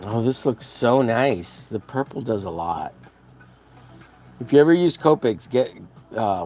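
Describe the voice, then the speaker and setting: A man's voice: mid-range voice, darkish tone. A man casually chatting on a livestream while coloring a comic, rambling with many fillers and laughing at his own jokes.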